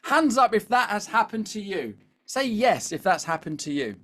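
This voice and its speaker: A man's voice: high-pitched, big pitch swings, normal speed, fairly bright tone. Chatty British man coaching a webinar. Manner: chatty, keeps asking the audience "all right?". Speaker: LinkedIn coach. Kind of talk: live webinar coaching talk.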